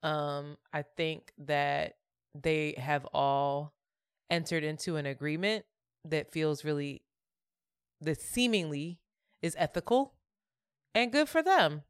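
A woman's voice: deep voice, slow, pauses often, clear, resonant tone, no room sound, clean studio sound. A woman co-hosting a podcast, candid and reflective in casual chat, laughing easily. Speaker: podcast co-host.

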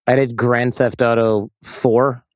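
A man hosting a casual podcast conversation, easygoing and quick to laugh and agree. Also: mid-range voice, flat delivery, no room sound, clean studio sound. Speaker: podcast host.

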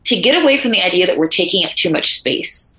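Bright-voiced woman telling animated stories. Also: fairly low pitch, fast, echoey room, low-quality recording. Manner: animated storyteller acting out quoted voices. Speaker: author and guest. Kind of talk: conversational interview.

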